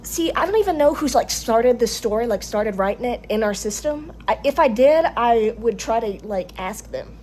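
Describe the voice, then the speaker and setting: A woman's voice: a little high, animated, moderate pace, few pauses, a little mellow, slight background noise. A woman with a Southern US accent talking straight to her own camera in a casual, rambling monologue, hesitant and full of restarts and fillers. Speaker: vlogger speaking to camera. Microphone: camera recording herself.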